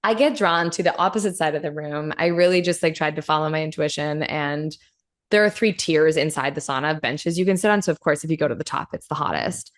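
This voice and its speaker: Animated woman podcast host, lower voice. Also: a little fast. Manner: animated, acts out quoted voices, swears freely. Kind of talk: casual storytelling chat.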